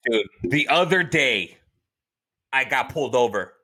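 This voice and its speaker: A man's voice: mid-range voice, animated, measured pace, bright, forceful tone. A man co-hosting a comedy podcast, teasing and delivering one-liners in casual chat. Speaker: podcast co-host.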